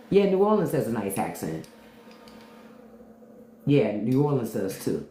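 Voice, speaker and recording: A low-voiced woman with a D.C. chats candidly on a livestream, her pitch swinging up and down as she talks. She laughs often and drops into imitations of how people speak in other cities. The room is echoey around her. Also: big pitch swings, moderate pace, pauses often, a little mellow, a little hiss or hum. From Washington, D.C. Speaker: podcast host on a livestream. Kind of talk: casual livestream chat answering viewers.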